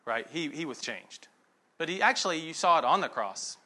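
A man's voice: a little high, expressive, moderate pace, bright, forceful tone, slightly rough. A middle-aged man giving a conversational sermon, telling stories and checking in with frequent asides to the listeners.

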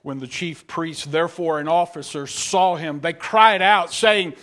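A man's voice: a little high, unhurried, few pauses, fairly bright tone. A man preacher giving a dramatic sermon, reading scripture aloud and questioning his listeners.

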